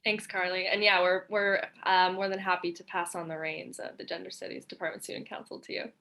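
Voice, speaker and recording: A woman's voice: lowish voice, little pitch movement, fairly quick, vocal fry, bright, forceful tone. Upbeat young woman moderating a webinar. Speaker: student council moderator. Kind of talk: hosting a webinar panel. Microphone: video call.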